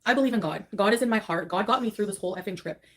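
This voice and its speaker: A woman's voice: medium pitch, racing, a bit bright. A woman on a livestream, talking in a scattered, confessional, rambling way.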